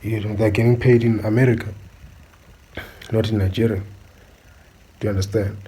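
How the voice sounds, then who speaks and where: A man's voice: fairly low pitch, steady tone, moderate pace, dark tone, breathy edge, poor audio. A man, giving opinionated commentary as a channel host and asking his viewers again and again whether they understand. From South Africa. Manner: preachy, repeatedly asks "do you understand?".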